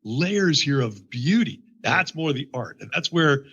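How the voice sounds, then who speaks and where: A man who works as an executive coach, speaking as a guest from his basement home studio in an enthusiastic, animated way. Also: mid-range voice, a little slow, lo-fi sound, slight background noise. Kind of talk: conversational interview.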